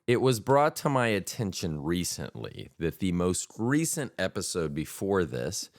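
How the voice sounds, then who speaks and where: This podcast host rambles through a laid-back comedic monologue on his own, crude and quick to mock himself. His low voice moves unhurriedly, rising and falling in big pitch swings.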